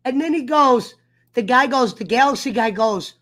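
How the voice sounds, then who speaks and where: At normal speed and with an extremely high, slightly bright voice, a man hosting an online sports talk show rants through a heated story. Profane and fired up, he mimics others in this casual livestream.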